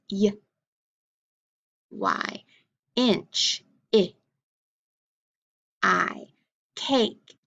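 A woman teacher leads young children through a phonics drill at an unhurried pace. She sounds out each letter and vowel carefully, with steady encouragement. The recording is slightly dull and lo-fi. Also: medium pitch. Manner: slow, clearly enunciated, encouraging praise.

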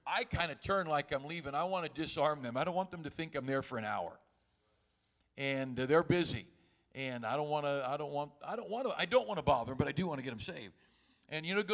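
A man's voice: fairly high pitch, a little fast, vocal fry, a bit bright. A man, a pastor, giving a folksy church sermon, acting out conversations and chuckling often.

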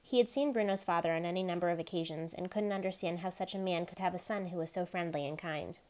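A woman reading a novel aloud in steady, quiet narration. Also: on the low side, fast talker. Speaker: reader.

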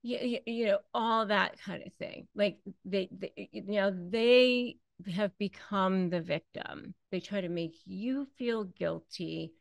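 A woman gives a direct-to-camera advice talk as host, chatting conversationally, repeating points, and performing the lines she quotes. She speaks slowly in a creaky, medium-pitched voice, recorded with no room sound.

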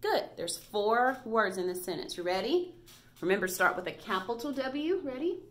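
A woman's voice: fairly high pitch, lively intonation, normal speed. A woman teaching a recorded reading lesson to first graders, patient and praising as she spells out letters.

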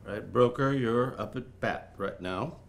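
A man's voice: medium pitch, unhurried, gravelly, a little hiss or hum. An actor playing a pompous, self-important film director who coaches his cast in a condescending way. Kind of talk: student film acting.

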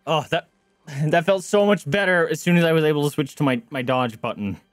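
A man streaming a video game, reacting loudly and excitedly to a fight as he plays. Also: on the high side, a little fast, dry recording, clean studio sound. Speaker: gaming streamer. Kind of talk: let's-play commentary. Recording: game music underneath.

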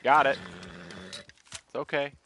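A man's voice: medium pitch, flat delivery, unhurried, bright, forceful tone, a little hiss or hum. A man streaming a game live, chatting casually, swearing and talking to the animals on screen. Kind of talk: live gameplay commentary.

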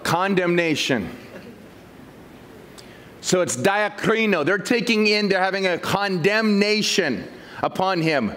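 Animated high-voiced male pastor. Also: a little slow, long pauses. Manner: animated, jokey, acts out quotes. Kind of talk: verse-by-verse sermon.

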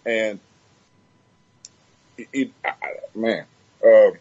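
A man's voice: on the low side, steady tone, very slow, darkish tone, dull audio. A man from Miami hosting an interview, talking reflectively and searching for his words. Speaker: host. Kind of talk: casual interview talk.

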